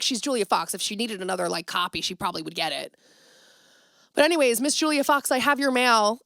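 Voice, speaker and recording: A woman hosting a casual solo podcast, talking dramatically and swinging from loud exclamations to hushed asides. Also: fairly high pitch, vocal fry, no room sound, clean studio sound. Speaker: podcast host.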